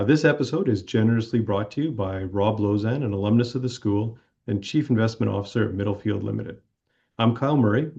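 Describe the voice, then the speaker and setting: A man hosting a business school podcast, introducing his guest in a measured way with occasional fillers. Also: fairly low pitch, vocal fry, mellow, muffled recording. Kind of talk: podcast interview.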